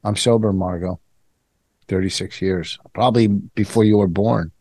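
A man's voice: on the low side, fairly even intonation, moderate pace, dark tone, no room sound. An older man co-hosting a comedy podcast, full of boastful jokes and mock bravado. He talks in loose, casual banter. The sound is close and dry, like a studio microphone in a dead room. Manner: boastful, joking. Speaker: podcast co-host.

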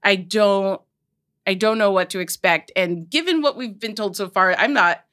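A woman's voice: mid-range voice, moderate pace, bright, forceful tone. A woman co-hosting a podcast, chatting casually and musing about the story with plenty of filler words. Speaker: podcast co-host.

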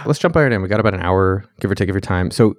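Low voiced guy interviewing his buddy, quick, teasing, dry close mic. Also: animated, no echo. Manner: teasing, jokey. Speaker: podcast host. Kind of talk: casual interview chat. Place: office.

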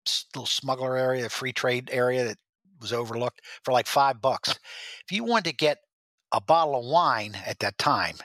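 A man as the podcast guest, telling rambling stories with halting restarts. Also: medium pitch, a bit bright, no echo. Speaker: guest, former drug agent. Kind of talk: storytelling interview.

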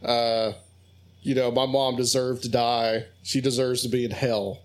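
A man's voice: mid-range voice, level tone, unhurried. A man hosts a radio talk show in a loose, chatty way. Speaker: host.

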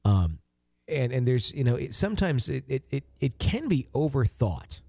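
A man's voice: mid-range voice, sing-song, normal speed, creaky, mellow, no room sound, studio quality. A man co-hosting a podcast, chatting casually with many fillers and joking, then reading listener stories aloud. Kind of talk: casual chat and story reading. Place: home studio.

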